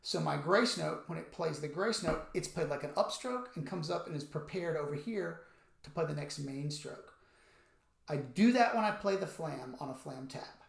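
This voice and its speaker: A man's voice: fairly high pitch, animated, normal speed, creaky. A man teaching a drum lesson, explaining the technique and calling out strokes and counts aloud as he plays. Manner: calls out strokes and counts aloud while playing. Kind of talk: instructional demonstration. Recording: roomy echo with loud stick clicks on a practice pad.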